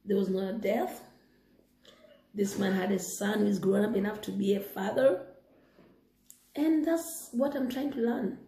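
A woman retelling a moral story and preaching, animated and excitable. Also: mid-range voice. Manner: animated, excitable, laughing asides. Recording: echoey room.

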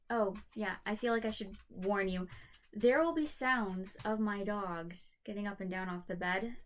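A woman's voice: mid-range voice, creaky, a little hiss or hum. A woman hosting a casual home video from her bedroom, chatting in a rambling, apologetic way before reading a novel aloud. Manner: rambling, apologetic, self-deprecating. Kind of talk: casual chat and book reading. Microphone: computer camera mic.

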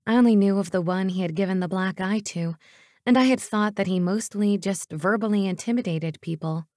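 A woman narrating an audiobook in the first person, with an expressive scripted reading on a close studio mic. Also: mid-range voice, fairly quick, no room sound.

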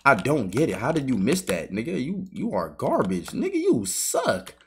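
Young-sounding gamer guy for a gameplay channel: lively, swinging pitch, trash-talks and swears nonstop, with faint keyboard clicking behind him. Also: moderate pace, slight background noise. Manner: trash-talking, excitable, swears a lot. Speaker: gaming YouTuber. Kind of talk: live gameplay commentary.

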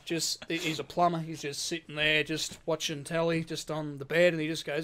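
Young man, podcast co-host, rambling storyteller, swears a lot, voice a bit high. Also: brisk, hardly any pauses, a little hiss or hum. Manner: lively storyteller, swears freely, acts out quotes. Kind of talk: casual podcast chat.

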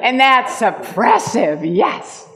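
An older woman giving an animated storytelling talk at an event, laughing often and acting out the people she quotes. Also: a little high, slow, a crowd in the background. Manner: lively, laughs often, acts out quoted voices. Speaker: speaker at an event. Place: meeting room with audience.

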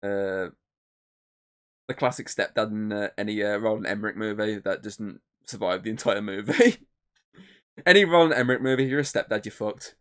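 A man's voice: on the low side, normal speed, a bit bright. A man co-hosting a podcast, rambling through a film recap with lots of fillers and swearing. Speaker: podcast co-host. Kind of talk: casual podcast chat.

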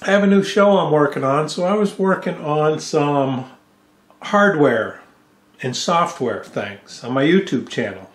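Guy from the states ranting and swearing at home, kinda high voice, roomy echo. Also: lively intonation, a little slow. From United States. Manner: angry, cursing, mocking. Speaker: vlogger. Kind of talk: profane ranting vlog. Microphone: studio microphone with mixing board.

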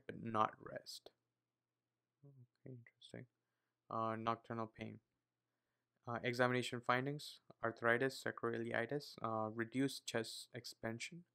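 A young man with an Indian accent reading medical study notes aloud, with many fillers and quiet muttered asides. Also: mid-range voice, creaky, clear, resonant tone. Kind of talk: casual read-aloud study session.

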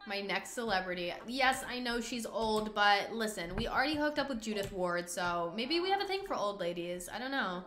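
A woman hosting a casual let's-play, talking excitably to her viewers, with gasps, exclamations and swearing at the game. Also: medium pitch, moderate pace, hardly any pauses, a little hiss or hum. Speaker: gaming channel host. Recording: echoey room.

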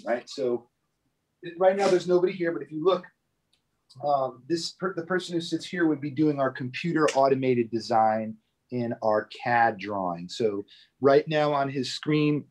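A man's voice: mid-range voice, poor audio. A man guiding a live virtual tour through a microphone factory, explaining technical details casually with frequent fillers and check-ins.

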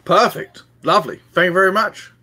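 A man's voice: high-pitched, fairly quick, sharp tone, breathy edge, dry recording. A man hosting his own interview channel, chatty and self-deprecating, telling stories in a loose casual style. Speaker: channel host.

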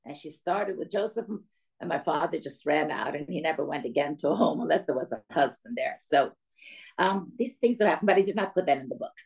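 An older woman from the former Soviet Union speaks as a guest to a gathering of women. She tells her family's story in a lively way, acting out the voices of the people in it. Her voice sits a little low for a woman. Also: fairly quick, creaky. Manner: lively storyteller who acts out quoted dialogue. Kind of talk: storytelling talk to a women's audience.

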